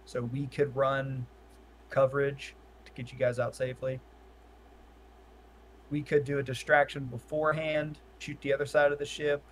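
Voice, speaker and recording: A man's voice: medium pitch, level tone, normal speed, slight background noise. Hesitant man thinking aloud at the table. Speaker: player. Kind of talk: casual tabletop game chat.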